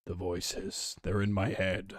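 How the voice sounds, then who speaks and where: A young game streamer with a northwest English accent close to Manchester chats casually with his stream chat while playing. His voice is low, flat, and slow, and he rambles and restarts sentences.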